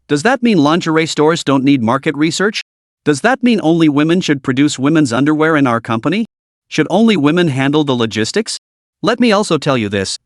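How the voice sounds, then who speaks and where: A curt, commanding young businesswoman, voiced by a man in an animated lilting read. She gives orders in a stern, clipped way, set against a dry close sound. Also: a little high, dry recording. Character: cold, stern young woman company executive.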